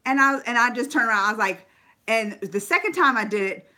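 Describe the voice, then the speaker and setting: A woman's voice: a little high, brisk. A woman vlogger telling stories in a casual live stream and chatting with viewers by name. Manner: animated storyteller, chats with live viewers by name.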